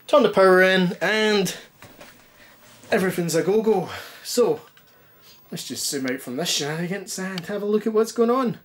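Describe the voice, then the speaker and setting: A man's voice: high voice, a little hiss or hum. A man rambling through a hands-on gadget demo with a lot of ums and restarts, a bit anxious and stuttering. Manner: rambling, self-deprecating, many ums and restarts. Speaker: retro gaming youtuber.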